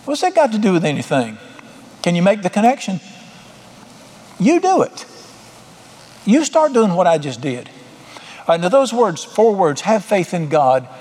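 Pastor, male, somewhat high voice, folksy conversational sermon, long reverb from the sanctuary. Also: a little mellow. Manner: folksy, conversational preaching with repeated "all right".

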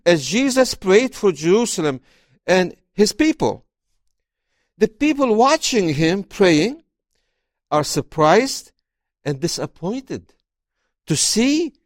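With a voice that sits high, this male author speaks slowly and pauses often while talking about his book and reading from it as an interview guest. He's expressive, frequently repeating words at the start of sentences, and the sound is dry and clean like a studio.

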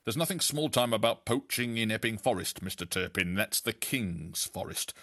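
A man co-hosting a comedy podcast, playing a deadpan interviewer. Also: fairly low pitch, normal speed, no room sound, clean studio sound.

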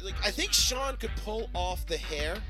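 A man's voice: high-pitched, animated, unhurried, over music. A man in his thirties hosting a casual sports talk show, loose and joking, on a close studio mic. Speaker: podcast host. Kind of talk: casual sports radio chat.

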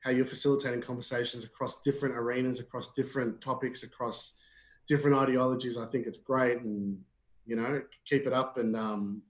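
A man's voice: mid-range voice, level tone, brisk. An Australian man speaking earnestly as a podcast guest, with frequent fillers and restarts. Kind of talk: casual conversation. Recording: echoey room.

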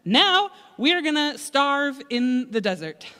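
A woman voicing a panicking, grumbling crowd of wanderers in a shrill, whiny complaining tone. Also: sing-song, unhurried, pushed and bright, heavily acted. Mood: panicked whining. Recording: echoey hall.

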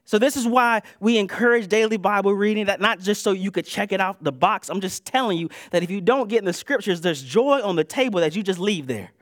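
Animated preacher man, conversational. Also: high-pitched, brisk, hardly any pauses, no room sound, clean studio sound. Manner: conversational, animated, swings from loud to hushed. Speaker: pastor. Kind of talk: sermon.

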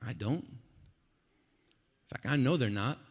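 A man preaching a sermon at a conference, animated and swinging from quiet talk to loud, emphatic passages. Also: medium pitch, slow. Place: large conference hall. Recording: long hall reverb.

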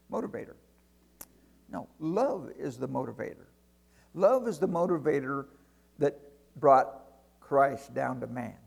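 Slow, gravelly male preacher. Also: fairly high pitch, darkish tone. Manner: conversational, full of rhetorical questions. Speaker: pastor. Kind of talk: sermon.

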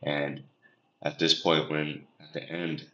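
A young man, a podcast guest, telling a personal story in an earnest, reflective way, often pausing and restarting. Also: rumbling low, little pitch movement, fairly bright tone. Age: young adult. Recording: echoey room, dull lo-fi sound.

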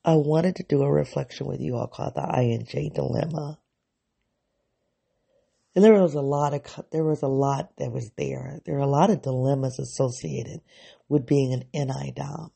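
A deep-fried, gravelly voice with a husky, breathy edge, speaking in a reflective personal monologue. The vlogger thinks aloud, stops to fix half-remembered quotes, and leans hard on key words with earnest, drawn-out emphasis. The tone stays dark and mellow throughout. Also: fairly even intonation.

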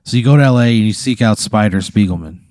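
A man talks through an improvised hypothetical, laying out each step of a silly story with a deadpan touch. His voice is warm and mellow. The sound is dry and close. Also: lowish voice, fast talker, dry recording. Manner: spins a playful hypothetical, deadpan asides.

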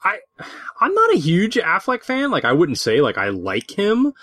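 Man with a very lively pitch. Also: normal speed. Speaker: podcast host. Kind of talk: casual movie chat.

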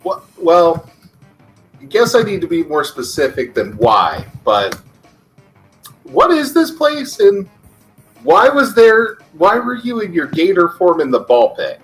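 Here a young adult player in a tabletop role-play jokes bluntly and swears freely, both in character and out. He speaks a little high with big pitch swings, at a measured pace and a fairly bright tone. Soft music sits under a rough recording.

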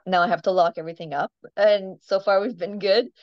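A chatty woman tells farm animal stories in a relaxed interview, with frequent laughs and easy "um"s. The sound is dry and a little muffled, with no room echo. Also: mid-range voice, a little fast. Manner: chatty storyteller, laughs often, many ums. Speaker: farm animal owner, guest. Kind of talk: casual interview chat.

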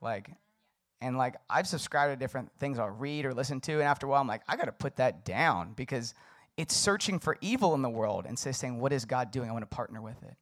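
A man's voice: mid-range voice, expressive, fast talker, fairly bright tone. A young adult man preaching a conversational sermon, loose and casual with many fillers. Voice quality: casual, filler-heavy delivery with frequent "like". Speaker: pastor.

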